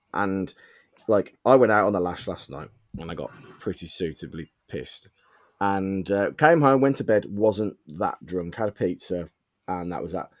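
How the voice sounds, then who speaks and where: A man's voice: low voice, no room sound, studio quality. A young man from the of England, chatting casually and telling rambling stories with plenty of swearing. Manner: rambling storyteller, swears freely. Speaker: podcast host. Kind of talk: casual chat.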